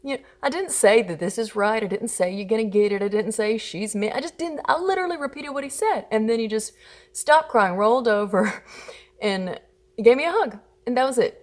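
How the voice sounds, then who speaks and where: A woman in her thirties, a mother talking casually about parenting and telling expressive stories about her kids. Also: a little high, normal speed. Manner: chatty and expressive, acting out her children's whiny voices. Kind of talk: casual storytelling advice.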